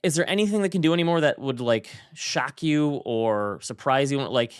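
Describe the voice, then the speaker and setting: A man co-hosting a podcast, telling stories in animated, chatty banter. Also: mid-range voice, normal speed, smooth, no room sound, clean studio sound. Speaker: podcast co-host. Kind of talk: casual chat.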